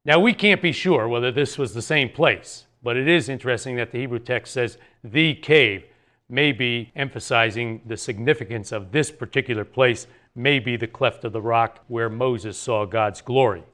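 A man's voice: medium pitch, moderate pace, hardly any pauses, a bit bright. A man giving an earnest Bible teaching talk, explaining a passage verse by verse with rhetorical questions.

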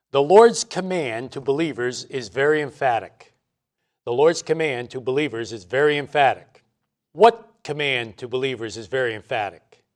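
Male preacher, teaching sermon, emphatic, repeats points for a congregation. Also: a little high. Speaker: pastor. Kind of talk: expository Bible sermon.

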